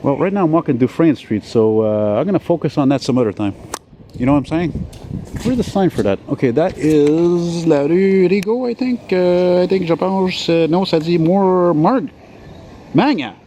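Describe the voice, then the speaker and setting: A man, dropping words now and then. He rambles and swears as he walks along a city street with a handheld camera. His voice is mellow and dark, with faint traffic behind him. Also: a little high, lively intonation, normal speed. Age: 40s. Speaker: vlogger. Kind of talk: rambling walk-and-talk vlog. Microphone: handheld camera while walking.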